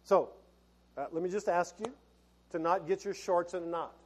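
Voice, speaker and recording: A middle-aged male pastor delivers a sermon in a folksy, conversational style, laughing and restarting as he goes. His voice sits high, with a steady tone and a moderate pace.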